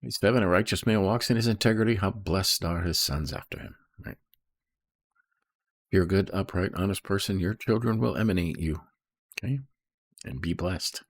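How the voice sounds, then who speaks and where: Low husky guy reading proverbs and riffing on them, keeps saying okay? right?, dry close mic. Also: normal speed, pauses often, no echo. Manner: reads verses then explains, peppered with "okay?" and "right?". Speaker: Bible study teacher. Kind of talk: casual Bible commentary.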